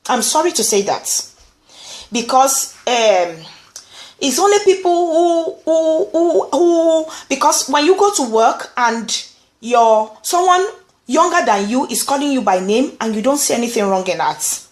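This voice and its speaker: A woman from Nigeria with a Nigerian accent, talking in an animated vlog monologue and often repeating words. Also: high-pitched, a little slow, roomy sound. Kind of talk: casual monologue.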